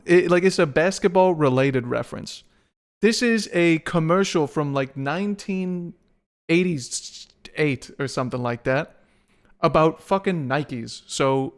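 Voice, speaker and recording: A man's voice: a little high, a little slow, smooth, soft background music. A young man streaming a game, rambling profanely and joking with his chat. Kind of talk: casual gameplay stream chat.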